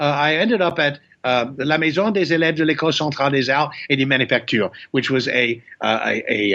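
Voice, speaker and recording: An older man, a comedian guest, telling stories in an animated way and slipping into impressions in casual chat. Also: a little high. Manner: animated storyteller, slips in impressions. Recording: muffled lo-fi sound.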